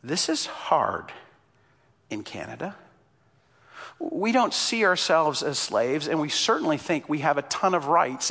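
A pastor preaching a sermon with great passion, his fairly high voice rising and falling widely. He pushes up to loud, emphatic peaks. A long reverb from the church hall follows every phrase. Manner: impassioned, builds to loud exclamations. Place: church in Canada.

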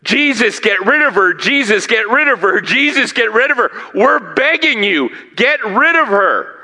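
A preacher putting on exasperated pleading disciples. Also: male voice, very high-pitched, sing-song, unhurried, pushed and bright, voice pushed up, heavily acted. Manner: insistent, pleading, repeating. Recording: long hall reverb.

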